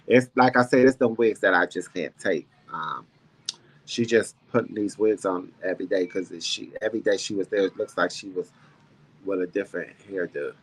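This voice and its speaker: A man's voice: deep voice, moderate pace, breathy edge. A man hosting a celebrity gossip livestream, chatting sassily with his viewers, calling them girl and honey, rambling with ums and restarts. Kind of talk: casual chat with live viewers.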